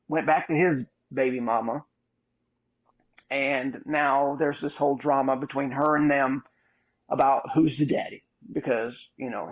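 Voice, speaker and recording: A man in his thirties talks through a personal story in a candid, animated way. His voice is gravelly and the sound is muffled and lo-fi. It has the feel of casual podcast storytelling. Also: medium pitch. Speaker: podcast host. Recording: muffled lo-fi audio.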